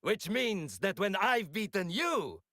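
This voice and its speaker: An actor playing a proud young fighter who earnestly challenges a rival. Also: male voice, sits high, very animated, slow, bright, forceful tone, no room sound, studio quality, exaggerated voice. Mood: challenging. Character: proud young male fighter eager to prove himself.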